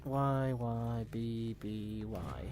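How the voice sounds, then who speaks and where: A man's voice: medium pitch, very slow, over music. A man hosting a let's play, giving rambling, casual gameplay commentary with the odd swear.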